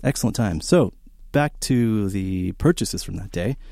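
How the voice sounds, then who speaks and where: In a small radio studio, a man hosting a college record show talks unhurriedly in a fairly low voice. His between-song banter is enthusiastic and rambling, with lively stories and frequent fillers. A studio broadcast mic keeps it clean, with no room sound.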